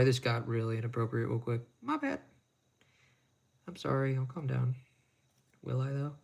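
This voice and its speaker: Livestreamer fixing watches, a man with crude self-mocking humor and a gravelly edge. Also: mid-range voice. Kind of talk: casual live-stream chat while working.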